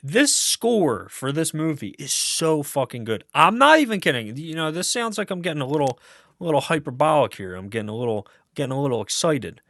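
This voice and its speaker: A man's voice: fairly high pitch, big pitch swings, a little fast, fairly bright tone, no room sound, clean studio sound. A man rambling enthusiastically through an unscripted film review, swearing often and piling up fillers and restarts.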